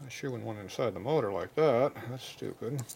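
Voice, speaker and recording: A man's voice: medium pitch, brisk, vocal fry, darkish tone. A man working as a motorcycle mechanic, giving casual, blunt commentary and muttering to himself as he works in a repair shop. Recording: noisy workshop with clanking tools.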